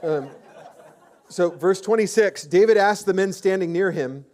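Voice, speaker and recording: A pastor delivers a conversational sermon, telling the story in a loose, chatty way full of fillers and restarts. His voice sits high, unhurried and a little mellow.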